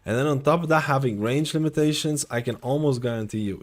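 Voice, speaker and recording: A man's voice: medium pitch, fast. A young man streaming live, answering viewer questions in a loose, rambling, chatty way. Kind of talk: casual live-stream chat. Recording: faint music behind.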